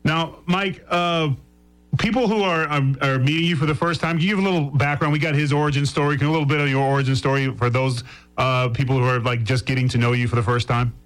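A middle-aged man from Boston hosting a radio interview, asking halting, stumbling questions. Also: a little high, fairly even intonation, a bit bright, smooth, faint music behind, poor audio. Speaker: host.

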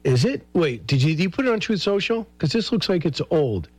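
A man's voice: fairly high pitch, big pitch swings, brisk, darkish tone, no room sound. A man hosting a talk show, asking casual, joking questions. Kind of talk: conversational interview.

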